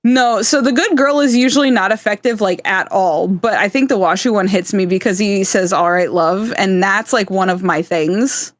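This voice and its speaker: A woman's voice: medium pitch, moderate pace, few pauses, dry recording, studio quality. A woman from South Florida, streaming live and chatting casually, laughing often and swearing freely. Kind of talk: casual chat.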